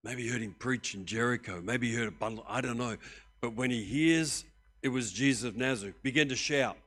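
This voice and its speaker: An older Australian man preaching a sermon as pastor, animated and joking in a conversational way. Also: mid-range voice, a little fast.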